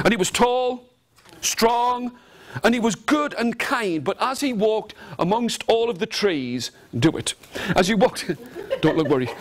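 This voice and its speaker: A man leading an interactive storytelling workshop for teachers, telling a folk tale in a theatrical way and getting the audience to join in with actions and repeated lines. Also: sits high. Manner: animated and theatrical, leading the audience in call-and-response. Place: large room with a live audience.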